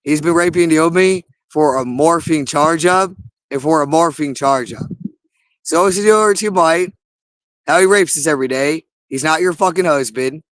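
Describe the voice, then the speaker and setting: Guy ranting on and on, cursing a lot, keeps repeating himself, kinda high voice, dry close sound. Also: moderate pace, a bit bright, no echo. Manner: agitated, profane, repetitive. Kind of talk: rambling monologue to camera.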